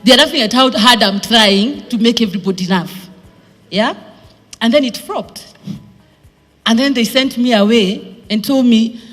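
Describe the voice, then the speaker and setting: A Kenyan woman, speaking English with a Kenyan accent, tells her career story to a live audience. She is animated, slips into Swahili and acts out what others said. Her voice rings through a reverberant event hall over faint background music. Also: a little high.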